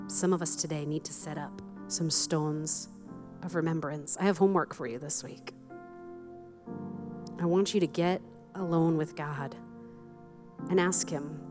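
A woman's voice: low voice, fairly even intonation, measured pace, long pauses, over music. A woman pastor preaching a sermon, candid and self-deprecating, often laughing at herself.

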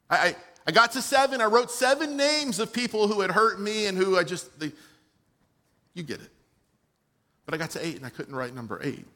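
A pastor delivers a sermon to his own congregation in a high, bright voice. He tells a personal story and moves between hushed, soft moments and emphatic, raised passages. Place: church.

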